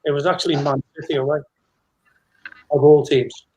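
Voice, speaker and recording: A man's voice: a little high, little pitch movement, moderate pace, a little mellow, slightly rough, low-quality recording. A middle-aged man, a former footballer, telling anecdotes in a rambling casual chat with many restarts.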